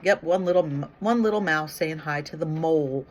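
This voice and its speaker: A woman's voice: low-pitched, moderate pace, slight background noise. A middle-aged woman teacher reading a picture book aloud to young children, coaxing them with questions and praising their answers. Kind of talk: read-aloud storytime with questions.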